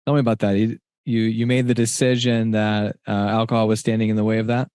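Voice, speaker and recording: A man hosting a podcast interview, curious and quick with follow-up questions, sometimes correcting himself. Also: fairly low pitch, flat delivery, a little mellow, clear, resonant tone, no room sound, studio quality. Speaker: podcast host.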